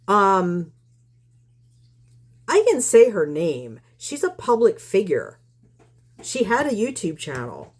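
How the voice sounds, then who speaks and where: A woman's voice: fairly low pitch, huge pitch swings, a little slow, a little mellow, slightly rough. A woman giving casual commentary on her channel, combative and rambling, with many restarts. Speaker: YouTube commentator.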